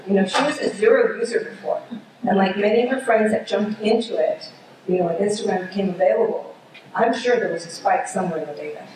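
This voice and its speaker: A woman's voice: mid-range voice, fast, darkish tone, slight background noise. A woman in the audience asking the panel a question in a chatty, conversational way. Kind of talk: conference question. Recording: echoey hall, distant mic.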